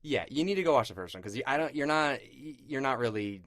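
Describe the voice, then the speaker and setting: A man co-hosting a casual movie podcast, arguing his point with a lively voice that swings up and down. He teases his friend and pushes back hard. The recording is dry and close. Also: medium pitch, fast talker, no echo. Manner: animated, argumentative, teasing. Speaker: podcast co-host. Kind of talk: casual movie review chat.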